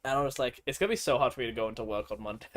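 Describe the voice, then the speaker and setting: A man's voice: mid-range voice, big pitch swings, very fast. A man streaming and chatting casually over gameplay, rambling and swearing freely. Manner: rambling, crude and profane.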